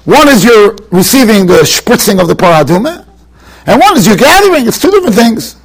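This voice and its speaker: Rabbi w/ giving a torah class, really high voice that jumps all over, emphatic storyteller. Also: male voice, big pitch swings, brisk, poor audio. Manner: emphatic storytelling, mixing Yiddish and Hebrew terms. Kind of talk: yeshiva Torah lecture. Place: study hall in a yeshiva.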